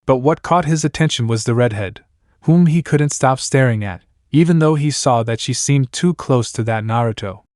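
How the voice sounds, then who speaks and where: A man reading a fan story aloud in steady narration. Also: medium pitch, moderate pace, dry recording, clean studio sound. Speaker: fanfiction reader.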